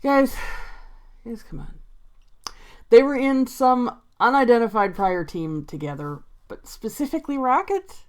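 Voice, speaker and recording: A woman's voice: fairly high pitch, sing-song, normal speed. A woman giving an opinionated commentary vlog, exasperated and sarcastic, with frequent sighs and laughs. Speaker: video creator.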